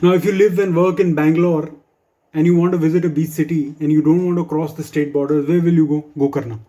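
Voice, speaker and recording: Guy doing standup for his office, wry dry jokes, kinda high mellow voice. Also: fairly even intonation, fast. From India. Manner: wry, dry humor with asides. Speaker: stand-up comedian. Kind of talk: stand-up comedy set for office colleagues.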